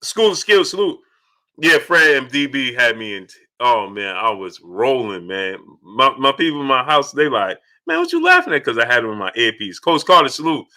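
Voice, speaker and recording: Bright-voiced animated male boxing host. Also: mid-range voice, moderate pace. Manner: animated, repeating shout-outs to viewers. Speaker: boxing talk show host. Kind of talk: livestream commentary reading out super chats.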